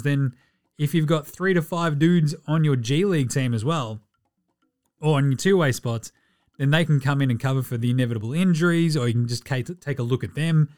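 An Australian man rants his way through a casual sports podcast. His voice sits fairly high for a man, and he swears freely and laughs often. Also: a little mellow. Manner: profane, ranting, laughs often. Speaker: podcast host.

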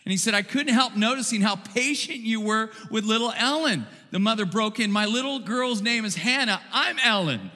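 A man's voice: sits high, moderate pace, hardly any pauses, bright, forceful tone. A male pastor giving a sermon in a conversational way, with frequent stammered restarts and acted-out quotes. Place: church hall. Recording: reverberant church hall.

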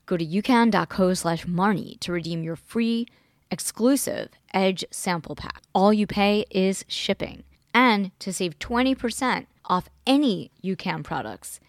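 A woman hosting a podcast, asking questions in a clear, upbeat delivery. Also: medium pitch, unhurried, dry recording, studio quality. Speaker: podcast host. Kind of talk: interview questions and read sponsor spots.

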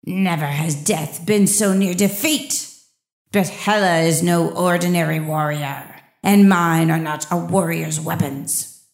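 A woman voicing a proud, menacing female goddess of death, speaking slowly and gravely in a declaiming manner, with echoey reverb on the voice. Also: lowish voice.

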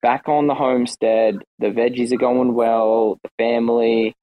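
A man hosting an online audio chat, lively and excitable as he hands the floor around. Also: medium pitch, a little slow, muffled recording, a little hiss or hum. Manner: lively, excitable, herding speakers. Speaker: host. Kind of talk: casual chat.

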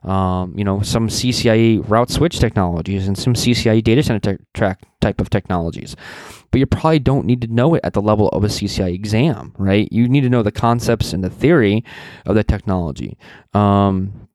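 A man's voice: lowish voice, fairly quick, a little mellow, dry recording. A man who is a little sick, giving earnest career advice in a rambling way, with many fillers and restarts. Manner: earnest, passionate. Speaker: networking career advisor. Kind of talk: casual advice talk.

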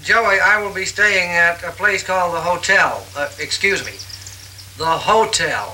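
Polished city singer, bright tense voice, hesitant, distant old film sound with hiss. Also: male voice, high-pitched, unhurried, heavily acted. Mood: brisk. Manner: hesitant, polite.

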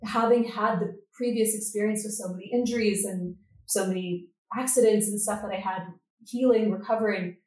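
A middle-aged woman, a guest on a podcast, telling her story and acting out the dialogue with lively energy. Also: medium pitch, brisk, echoey room, rough recording. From Canada. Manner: lively, acts out quoted dialogue. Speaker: podcast guest, business coach. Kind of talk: storytelling interview.

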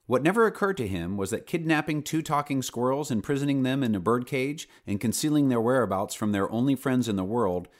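An audiobook narrator with a mid-range voice reads a children's storybook fairly quickly, hardly pausing at all. He's a lively storyteller who performs character voices and makes playful asides to the listener.

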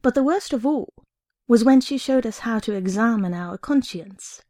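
A woman reading a short story aloud in an expressive first-person narration. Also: fairly high pitch, moderate pace, no echo, clean studio sound.

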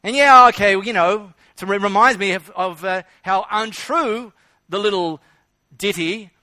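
Bright high-voiced preacher man. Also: moderate pace, no echo. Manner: storytelling, emphatic repetition. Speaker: pastor. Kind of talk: sermon.

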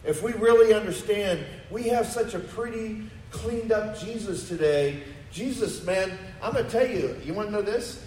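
A man's voice: high voice, normal speed, darkish tone, reverberant, distant mic, a little hiss or hum, rough recording. A man preaching a sermon to his congregation, emphatic and full of rhetorical questions. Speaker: pastor. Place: church sanctuary.

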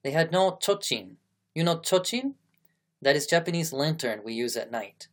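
A man's voice: a little high, big pitch swings, moderate pace, pitched above the performer's own voice. A man voicing a polite, eager Japanese schoolboy in a stilted period-drama accent. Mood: earnest.

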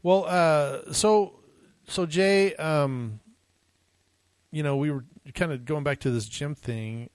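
A man's voice: fairly high pitch, takes it slowly, clean tone, no room sound. A man co-hosting a podcast, chatting casually about flying and rambling with many restarts. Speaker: podcast co-host. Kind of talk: casual chat.

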